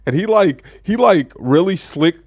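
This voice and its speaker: A man co-hosting a casual sports talk show, excitable, laughing often and full of "like" and "yo". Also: sits high, measured pace, breathy edge, no echo. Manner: excitable, laughs a lot, lots of "like" and "yo". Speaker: co-host.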